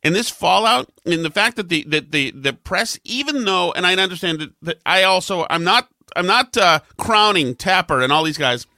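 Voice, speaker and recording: Bright, high-voiced male co-host. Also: animated, moderate pace, few pauses, dry recording, clean studio sound. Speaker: podcast co-host. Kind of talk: casual political chat.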